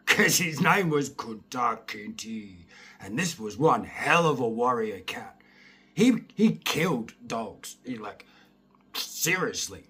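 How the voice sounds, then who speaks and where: A middle-aged Scottish man telling childhood stories in a casual, lively way, acting out voices and swearing now and then. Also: mid-range voice, slow pace, husky. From Scotland. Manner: lively, laughing, swears, acts out voices and sounds. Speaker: storyteller. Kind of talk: casual anecdotal storytelling.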